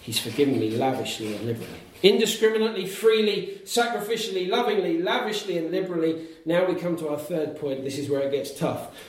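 A man's voice: fairly high pitch, animated, fast, hardly any pauses, far from the mic. A man preaching a sermon to a congregation in a church hall, making emphatic numbered points and asking rhetorical questions. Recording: very echoey hall, picked up from afar.

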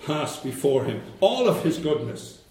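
Slow, emphatic man preaching in an echoey hall. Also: on the high side, very animated, darkish tone, a little hiss or hum. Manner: slow, emphatic, repeats phrases for weight. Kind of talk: sermon. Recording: very echoey room.

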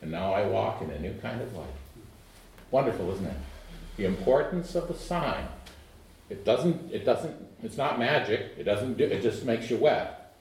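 Middle aged guy preaching, earnest, goes loud then hushed, sounds far from the mic in an echoey room. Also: animated, moderate pace, vocal fry, slight background noise. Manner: earnest, swings from emphatic to hushed and low. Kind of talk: sermon. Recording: roomy echo, voice off-mic.

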